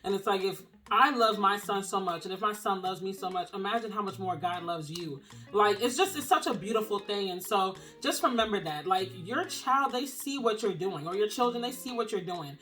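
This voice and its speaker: A woman's voice: mid-range voice, fairly quick, a bit bright, faint music behind. Earnest young woman with a lilt. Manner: emotional, earnest, colloquial. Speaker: vlogger, single mom. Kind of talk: heartfelt encouraging talk to camera.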